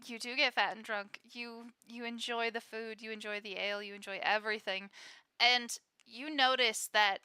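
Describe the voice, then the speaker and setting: A woman's voice: a little high, steady tone, normal speed, pushed and bright, smooth, no echo. A woman narrating a tabletop role-playing game as game master, swearing casually and laughing often.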